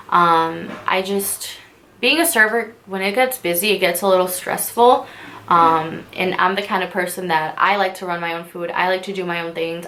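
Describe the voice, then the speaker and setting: A woman's voice: fairly low pitch, fairly bright tone. A young woman in her twenties telling her own story in a vlog, her voice catching as she talks through tears, with many fillers. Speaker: vlogger. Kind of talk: emotional personal storytelling.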